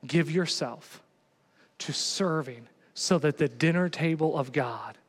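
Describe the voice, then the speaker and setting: Male pastor, high voice, animated sermon storytelling, long hall reverb. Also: takes it slowly. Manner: animated storytelling, acting out both sides.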